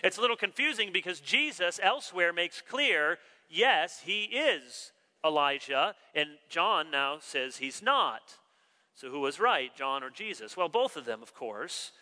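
A male pastor delivering a sermon with animated energy and wry humor, slowing down to hit the big points. His voice is pitched slightly high and sounds intensely bright. The long reverb of a large hall trails after his words. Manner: animated preaching, wry asides, slows for emphasis.

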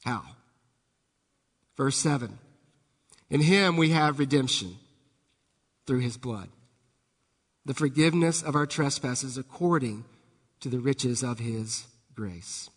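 A man pastor preaching an evening sermon in a church, rising louder and higher on key words and sinking soft and low on others. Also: animated, takes it slowly, pauses often, husky. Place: church sanctuary. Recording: long hall reverb.

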